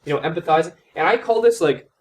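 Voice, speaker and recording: A man's voice: fairly high pitch, animated, quick pace, slight background noise. A man coaching on sales in a loose, conversational way, acting out both sides of a sales call as he explains. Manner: loose and conversational, lots of "man" and "like", role-plays sales calls. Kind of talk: casual teaching monologue.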